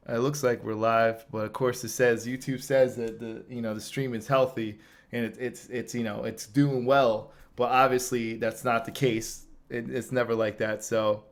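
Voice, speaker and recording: A man hosting a casual nerd-culture podcast, rambling and joking about tech trouble. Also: medium pitch. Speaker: podcast host. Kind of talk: casual chat.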